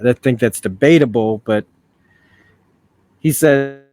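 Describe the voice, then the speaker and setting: A man hosting a video essay delivers a casual review in a slow, mid-range voice with a darkish tone and no room sound. He thinks out loud, rambling, swearing often, and restarting his sentences to correct himself.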